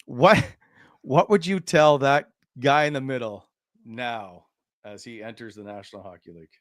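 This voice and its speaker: A man's voice: medium pitch, steady tone, normal speed, no room sound. Joking male host, dry sound. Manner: jokey, stumbling, lots of restarts. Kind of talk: casual interview hosting.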